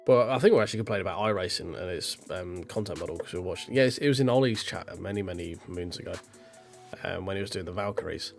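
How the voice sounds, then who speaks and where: Blunt, sweary streamer. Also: male voice, deep voice, fast talker, gravelly, soft background music. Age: millennial. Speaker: sim racing streamer. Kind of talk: casual ranting chat.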